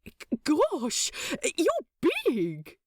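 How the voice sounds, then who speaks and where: Woman doing fussy male angel, flustered, gasping, very slow, audiobook. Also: high voice, wildly swooping pitch, no echo, studio quality, voice pushed up, full character voice. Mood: astonished. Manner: flustered, gasping, prim exclamations. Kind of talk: fan fiction audiobook narration.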